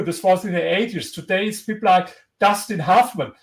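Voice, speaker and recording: A man with a strong German accent speaks in a fairly high voice as a guest in a conversational interview. He sounds earnest and motivational, and he often stops and restarts his sentences as he goes. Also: normal speed, poor audio.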